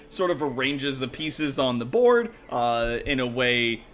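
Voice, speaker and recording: Man, game master, bright voice, lively pitch, hesitant fillers, faint music. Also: a little slow, few pauses. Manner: laughing often, hesitant with many fillers. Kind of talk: narrating a tabletop game.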